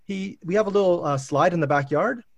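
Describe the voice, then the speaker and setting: Guy in his 30s, prof hosting a chat, rambly animated stories, slightly high voice, super dry sound. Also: brisk, no echo. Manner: animated, rambling anecdotes with restarts. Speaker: professor and host. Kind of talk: casual storytelling chat.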